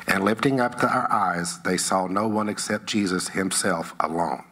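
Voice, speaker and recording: A man reading a Bible passage aloud in church, measured and phrase by phrase. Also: sits low, fairly bright tone. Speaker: scripture reader. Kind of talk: scripture reading.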